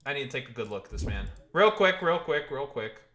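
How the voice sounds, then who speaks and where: A man's voice: medium pitch, sing-song, a little fast, a bit bright, reverberant. A man streaming, mocking and swearing through a profane rant with frequent laughs. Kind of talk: live stream commentary.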